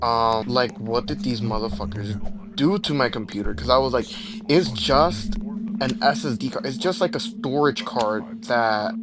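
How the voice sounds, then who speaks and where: A man's voice: medium pitch, unhurried, loud music behind the voice. A young man hosting a gaming channel, telling a rambling story over horror gameplay, full of fillers and swearing, breaking off to react to the game. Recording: noisy recording with steady background noise.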